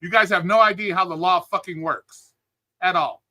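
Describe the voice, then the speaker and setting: Angry streamer host, high tense voice, heated profane rant, calls out his chat. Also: moderate pace, pushed and bright. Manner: angry, heated, swearing constantly; greets live chat viewers between rants. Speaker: livestream host.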